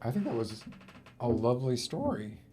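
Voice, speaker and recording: A man's voice: mid-range voice, wildly swooping pitch, moderate pace, dark tone, faint music behind. A man in casual chat, asking hesitant, encouraging questions.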